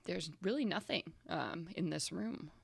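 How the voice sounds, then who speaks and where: A woman's voice: fairly low pitch, unhurried, creaky, slightly rough, no echo. A woman narrating as game master of a tabletop game, casual and full of fillers.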